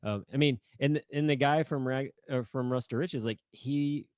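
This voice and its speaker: A man's voice: medium pitch, steady tone, moderate pace, a little mellow, no echo. A man from Northern Indiana co-hosting a podcast in casual chat. He is laid-back, laughs easily and rambles with fillers. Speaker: podcast co-host. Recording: dry close sound.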